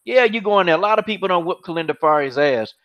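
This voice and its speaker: A high-voiced man rants on a podcast, mocking and repetitive, swearing freely. The audio is dull and lo-fi. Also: quick pace. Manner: animated, mocking, repeats himself, swears freely. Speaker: podcast host. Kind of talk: heated casual MMA chat.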